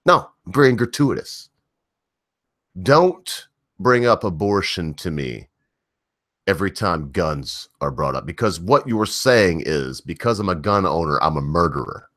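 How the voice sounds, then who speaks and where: Male streamer, low voice, very lively pitch, rambling emphatic rant. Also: no room sound, clean studio sound. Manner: rambling, emphatic, with slow drawn-out stretches. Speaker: livestream host. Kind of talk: opinionated livestream rant.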